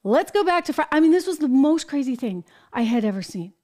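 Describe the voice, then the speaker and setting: An American woman with a slightly high voice hosts a commentary show. She talks emphatically and with animation, throwing in exasperated asides. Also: sing-song, fairly quick, warm tone. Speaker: show host. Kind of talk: political commentary.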